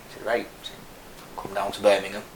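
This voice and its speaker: Recorded in an echoey room with faint noise, a man in his thirties with a Lancashire accent, from Burnley in northern England, speaks at a quick pace in a fairly low, monotone voice. He's an army veteran guest in a casual interview, telling his story frankly and rambling with many restarts.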